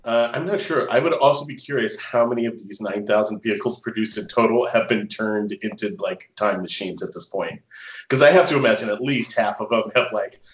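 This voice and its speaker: A man's voice: fairly low pitch, fairly quick. Chatty man in a roomy, lo-fi recording. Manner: enthusiastic, frequent fillers and laughs. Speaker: podcast co-host. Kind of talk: casual chat. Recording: roomy, dull lo-fi sound.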